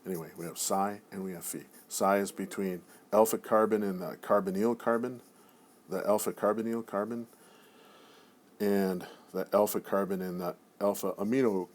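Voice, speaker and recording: A man with a very low voice talks through a recorded lecture in an easygoing, conversational way. He corrects himself often and drifts into chatty asides before coming back to the point. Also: a little slow, long pauses.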